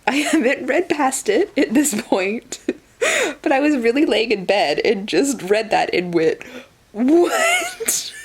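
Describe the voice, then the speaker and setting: A woman's voice: a little high, sing-song, a little slow, breathy edge. A woman book vlogger talking in a casual reading vlog, incredulous and swearing, breaking into laughter often.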